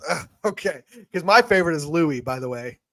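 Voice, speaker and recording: A man co-hosting a podcast in casual chat, excitable and gushing. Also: a little high, fairly quick, slight background noise. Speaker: podcast co-host.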